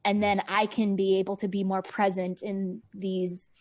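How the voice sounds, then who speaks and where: A woman psychologist appears as a podcast guest in a conversational interview, her medium-pitched voice flat and her pace normal. She sounds earnest and enthusiastic, often repeating words as she starts a thought.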